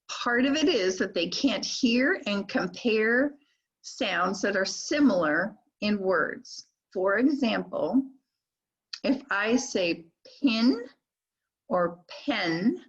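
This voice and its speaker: Older woman teaching, sounds out slowly. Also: a little high, husky, dull audio. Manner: slow, deliberate modeling of speech sounds. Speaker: literacy trainer. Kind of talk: recorded teacher training lecture.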